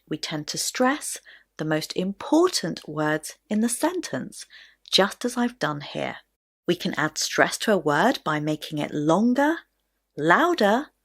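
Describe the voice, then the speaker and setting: A woman teaching a pronunciation lesson in a clear, deliberate way, stressing key words. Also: medium pitch. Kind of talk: scripted lesson to camera.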